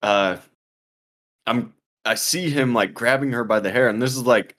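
A man's voice: mid-range voice, moderate pace, a bit bright. A young man co-hosting a podcast, telling a story in casual, profane, rambling chat full of "like" and "dude". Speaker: podcast co-host.

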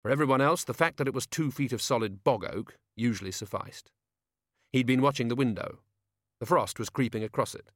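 A man narrating an audiobook with a measured, expressive reading. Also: mid-range voice, no echo, clean studio sound.

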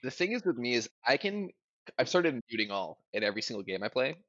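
A young man tells a heated story in loose, casual chat, with many "like" fillers and plenty of swearing. His voice is bright and forceful. The recording is dry and a little muffled. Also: mid-range voice, quick pace, no echo. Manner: animated, swears a lot, fillers like "like", bursts into loud yelling when reenacting.

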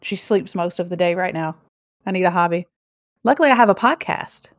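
A woman's voice: on the low side, a little fast, no room sound. A young woman co-hosting a podcast, chatting casually and telling a self-deprecating story. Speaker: podcast co-host.

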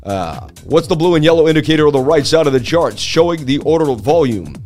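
A man hosting a live crypto chart stream, firing off excited shout-outs to his viewers and joking as he reads the chat. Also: fairly high pitch, soft background music. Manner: hyped, rapid shout-outs, jokey. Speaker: crypto livestream host.

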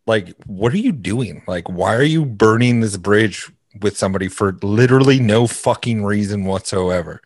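A young man with a lowish voice talks bluntly and profanely in a casual chat, hammering his points. The recording is dry and close-miked. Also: no echo. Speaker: podcast host, comedy writer.

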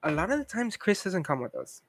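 A man's voice: sits high, big pitch swings, brisk. A young man co-hosting a podcast, talking in a casual, frustrated rant full of "like" and asides. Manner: frustrated ranting, heavy use of "like". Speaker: podcast co-host. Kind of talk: casual chat.

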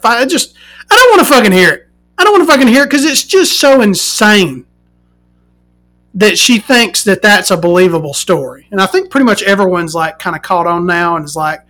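A woman hosting a podcast, ranting casually and swearing, swinging from loud outbursts to muttering. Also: mid-range voice, lively intonation, normal speed. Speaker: podcast host.

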